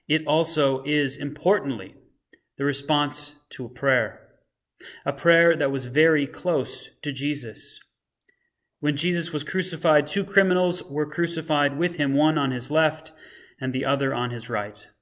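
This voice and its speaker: A man, a pastor, reading scripture and giving a short devotional sermon in a measured, earnest way. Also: on the high side, a bit bright. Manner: measured, earnest reflection with dramatic readings of quoted lines.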